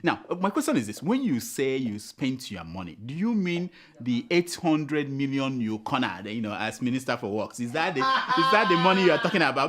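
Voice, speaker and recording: A man's voice: medium pitch, big pitch swings, fairly quick, hardly any pauses, fairly bright tone. A man hosting a satirical news show, mocking the headlines, chuckling often and stammering into punchlines. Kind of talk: comic news commentary.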